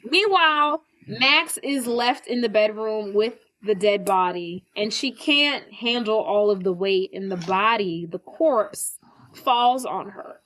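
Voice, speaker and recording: A woman podcast host casually recapping a film plot in a chatty, animated way, with filler words. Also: mid-range voice, takes it slowly, rough recording.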